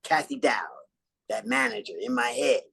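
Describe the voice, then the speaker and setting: An older man from New York, an actor, telling stories in a relaxed interview and acting out old lines and catchphrases. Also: a little high, normal speed, creaky, breathy edge. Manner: animated, acts out quotes and catchphrases. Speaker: actor guest.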